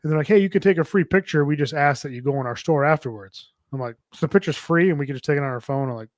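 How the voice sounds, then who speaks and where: Dude rattling off a vacation rant fast, cusses a lot, dry mic. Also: male voice, mid-range voice, dry recording. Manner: rambling storyteller, swears a lot, acts out quotes. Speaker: podcast co-host. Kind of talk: casual podcast chat.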